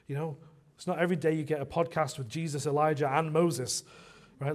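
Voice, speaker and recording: A man's voice: a little high, steady tone, a little fast. A man preaching a sermon in a conversational way, often repeating phrases for emphasis.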